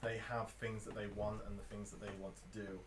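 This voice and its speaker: A man's voice: fairly low pitch, flat delivery, fairly quick, background noise. A man running a tabletop game as game master, narrating loosely with lots of fillers.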